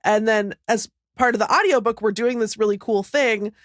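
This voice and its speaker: A woman co-hosts a casual podcast, her voice a little high and her pace moderate, recorded at studio quality with no echo. She rambles in a self-deprecating way and laughs often.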